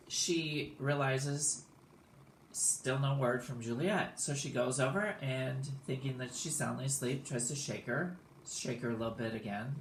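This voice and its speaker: A man's voice: mid-range voice, a little hiss or hum. Laid-back male teacher recapping a play; echoey room. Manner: casual, explanatory, with fillers.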